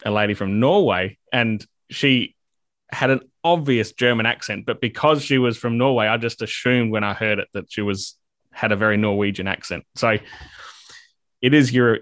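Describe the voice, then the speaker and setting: A man hosting a podcast, asking questions in a relaxed, chatty way. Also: on the low side, dry recording, studio quality. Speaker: podcast host. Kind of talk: casual interview questions.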